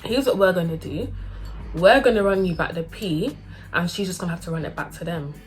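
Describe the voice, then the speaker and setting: A woman's voice: on the low side, a little fast, faint music behind, lightly acted. A young woman voicing a laid-back young man who casually offers to help out. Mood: calm.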